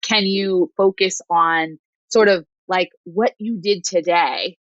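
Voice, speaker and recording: A woman hosting a podcast coaching session, speaking calmly and reflectively and often checking in with "right?". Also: lowish voice, slow pace, dry recording, lo-fi sound. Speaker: host and coach.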